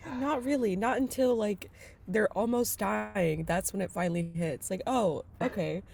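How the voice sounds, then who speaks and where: A young woman co-hosting a casual book chat podcast, animated and quick to laugh, often quoting the characters. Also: mid-range voice, gravelly, a little hiss or hum. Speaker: podcast co-host.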